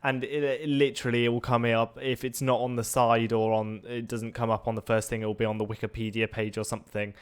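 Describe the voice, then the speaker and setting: A man's voice: mid-range voice, level tone, fast talker, few pauses, clear, resonant tone. A young man co-hosting a casual flight simulator tutorial, explaining matter-of-factly and teasing his friend. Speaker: co-host. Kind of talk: casual screen-recorded tutorial chat.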